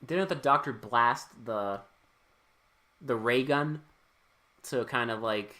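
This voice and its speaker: A man co-hosting a podcast, retelling a film's plot in casual, profane chat with quick quoted lines. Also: mid-range voice, sharp tone. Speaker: podcast co-host. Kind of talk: casual movie recap chat.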